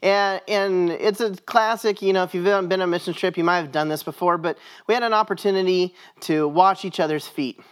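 A man's voice: sits high, steady tone, fairly quick, hardly any pauses, smooth. A man, a pastor, giving a sermon in church, telling a story in a conversational way.

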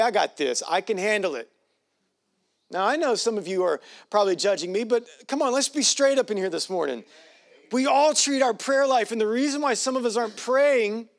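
A man preaching a sermon in a folksy, joking way with playful asides. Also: sits high. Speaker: pastor.

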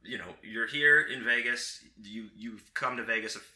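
A man's voice: mid-range voice, moderate pace, sharp tone. A man hosting a casual chat, bantering in a loose, joking, profane way. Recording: echoey room.

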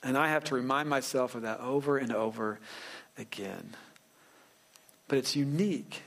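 A pastor preaching a sermon in a relaxed, joking way, slowing down to stress key phrases. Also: male voice, mid-range voice, gravelly. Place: church sanctuary.

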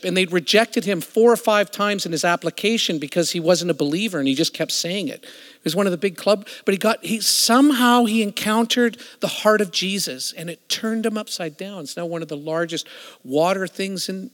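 A middle-aged man preaching a storytelling sermon, emphatic and shifting from loud to hushed, as a worship musician. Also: high-pitched, normal speed. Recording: echoey hall reverb.

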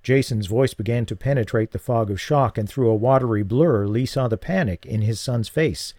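A man narrating a novel in a steady, even storytelling voice. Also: mid-range voice, moderate pace, hardly any pauses, dry recording, studio quality. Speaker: audiobook narrator. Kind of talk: scripted narration.

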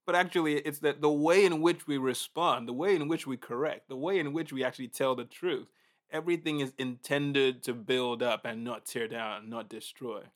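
A man preaching a casual, conversational sermon in an animated way, often acting out reactions. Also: mid-range voice, moderate pace.

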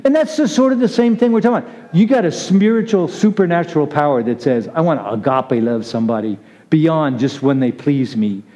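A man's voice: fairly high pitch, lively intonation, brisk, dark tone. A man giving a casual, conversational sermon, chatty and laughing as he calls on listeners by name. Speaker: preacher. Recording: muffled lo-fi recording.

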